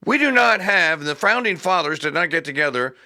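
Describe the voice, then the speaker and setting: Male talk radio host, fired-up and sarcastic, lively swooping pitch, bright tense voice. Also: brisk. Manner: fired-up, sarcastic, laughs at his own points. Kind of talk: opinionated talk radio commentary.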